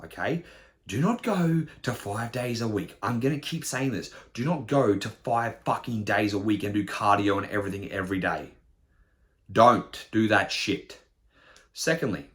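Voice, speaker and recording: A man's voice: on the low side, fairly bright tone. A young man, a personal trainer, talking casually on his podcast in a blunt, swearing, ranting way.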